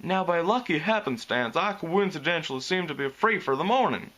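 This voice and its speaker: A calm, sly country stallion, as a male reader puts him on, speaking in an unhurried drawl with a lively, swooping pitch and a bright, clear edge to the voice. He sounds easygoing and good-natured. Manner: slow rural drawl.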